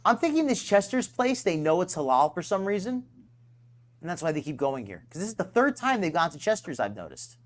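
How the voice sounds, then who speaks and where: Man hosting a live stream, rambling, sarcastic, lively up-and-down pitch. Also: a little fast. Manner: rambling, sarcastic, self-deprecating.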